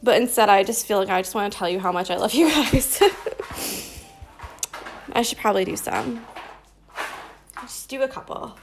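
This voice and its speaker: A woman's voice: mid-range voice, normal speed, pauses often, over music. A woman hosting a casual embroidery live stream, chatting on and rambling with frequent laughter. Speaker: embroidery livestream host.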